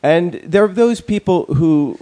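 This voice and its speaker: Mellow-voiced man in rambling, profane chat. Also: sits high, lively intonation, unhurried. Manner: rambling, frequent fillers and restarts, blunt and profane. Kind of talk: casual chat.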